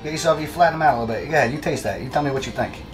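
A man's voice: fairly high pitch, racing, over music. A man demonstrating a recipe in a kitchen, chatty and plain-spoken, and he laughs easily. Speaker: guest cook. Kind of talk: casual cooking demonstration.

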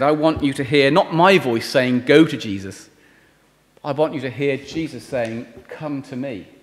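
A man preaching a sermon and leading prayer, earnest and pleading, often dropping to a soft voice on key words. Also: mid-range voice. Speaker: visiting preacher. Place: church hall. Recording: reverberant hall.

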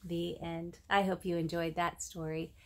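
Slow, expressive woman reading a story. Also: on the low side. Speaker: storybook reader. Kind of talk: children's story read-aloud.

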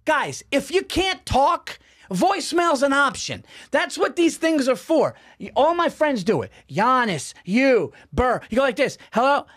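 A man's voice: very high-pitched, sing-song, a little slow, a bit bright, no echo, studio quality. A middle-aged man, co-hosting a podcast, ranting in casual banter and acting out phone calls. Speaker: podcast co-host.

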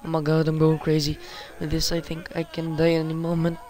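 Excitable man swearing through a horror game. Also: a little high, a little fast, faint music behind. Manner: excitable, swearing, reads game text aloud. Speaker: gaming video host. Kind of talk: casual gameplay commentary.

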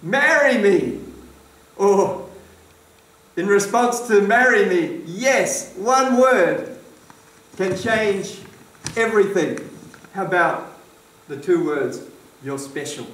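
A man's voice: high voice, fairly bright tone. A man preaching a sermon in a church hall, emphatic and questioning his congregation. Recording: roomy echo, distant mic.

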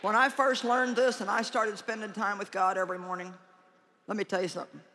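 An older woman preaching a humorous conference sermon, animated and joking as she acts out little prayers and conversations. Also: mid-range voice, fairly quick, a faint crowd, slight background noise.

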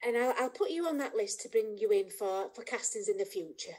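An actress plays a polite, guarded casting director who hesitates often and fills her gaps with ums. Her voice is high and mellow, heard over a video call. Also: animated, a little fast. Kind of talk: comedy sketch acting.

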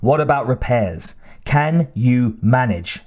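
A man's voice: medium pitch, animated, takes it slowly, darkish tone. A man voicing a tense, focused male ship captain who asks short, pointed questions. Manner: terse, questioning.

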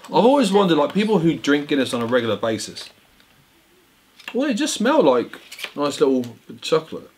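A man's voice: fairly high pitch, big pitch swings, normal speed, a little mellow. A young man from Britain co-hosts a casual snack tasting vlog. He teases and rambles through jokey stories, his voice bouncing up and down. Faint noise sits under the recording. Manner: jokey, teasing, rambling storyteller. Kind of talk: casual chat.

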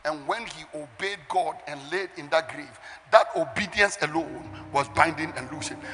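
A pastor in his sixties from Ghana preaching a sermon with fervour, breaking into shouts and half-sung phrases. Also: on the high side, normal speed. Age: 60s. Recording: echoey hall with faint music.

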